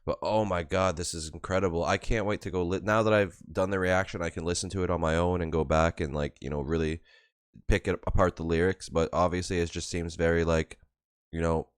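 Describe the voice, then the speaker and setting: A young man reacting to a new song at home early in the morning, gushing and excitable, full of "like", keeping his voice down so as not to wake a neighbor. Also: deep voice, fairly quick, clean tone, no room sound, clean studio sound. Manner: keeping voice down, hushed asides. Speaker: music reaction host. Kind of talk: music reaction commentary.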